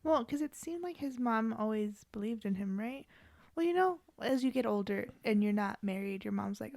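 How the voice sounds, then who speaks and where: A woman's voice: fairly high pitch, moderate pace, creaky, a little mellow, no room sound. Woman podcaster rambling casually, says like a lot, dry close sound. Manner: chatty, lots of "like" fillers. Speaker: podcast co-host. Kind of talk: casual chat.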